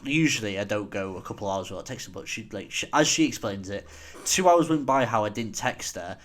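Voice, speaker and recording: A young man co-hosting a casual podcast chat, telling a story with lively acted-out quotes. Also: fairly low pitch, a little fast. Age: young adult. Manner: animated storytelling, acting out quotes. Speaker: podcast co-host.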